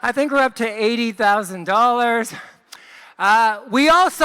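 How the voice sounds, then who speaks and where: A man's voice: extremely high pitch, pushed and bright, a little hiss or hum. A man hosting a live gala fundraiser on a handheld mic, rallying the room and calling out paddle numbers and donation amounts. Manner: upbeat, rallying, reads paddle numbers in slow, drawn-out calls. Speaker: gala host running a fundraising paddle raise. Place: gala event room with guests. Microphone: handheld microphone.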